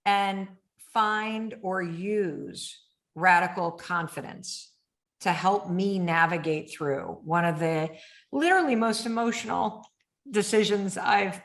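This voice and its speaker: A middle-aged woman talks with blunt, animated energy, acting out voices and swearing freely. Her voice sits in an ordinary middle register for a woman. The room rings with a noticeable echo around her. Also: mid-range voice. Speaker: podcast host. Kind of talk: candid conversation. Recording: roomy echo.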